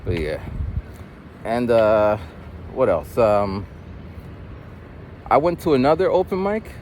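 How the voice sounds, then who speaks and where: A man talking casually to the camera while walking outside, telling stories in an animated, chatty way. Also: medium pitch, takes it slowly. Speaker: vlogger. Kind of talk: casual vlog monologue. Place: outdoors on city streets. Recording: outdoor phone recording, traffic noise. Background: traffic and street noise.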